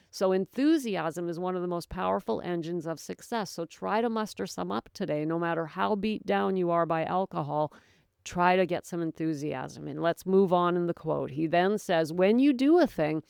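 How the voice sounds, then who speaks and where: A woman's voice: fairly low pitch, moderate pace, gravelly, a little mellow, clean tone, no room sound, clean studio sound. A woman hosting her own sobriety podcast, talking straight to the listener in an earnest, encouraging, folksy way. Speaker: podcast host, sobriety coach. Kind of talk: motivational solo talk.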